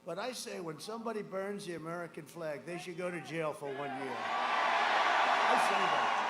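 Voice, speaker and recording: A man in his seventies giving a rambling campaign rally speech, swinging between shouted lines and muttered asides. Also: high voice. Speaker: political speaker at a rally. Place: large outdoor rally. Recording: echoey outdoor rally with crowd noise.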